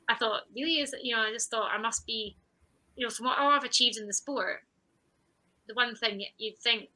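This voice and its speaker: Bright-voiced woman telling a lively story. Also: fairly high pitch, normal speed, long pauses, poor audio. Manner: animated storytelling, acting out her own past thoughts. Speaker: guest, champion sprinter. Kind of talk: conversational podcast interview.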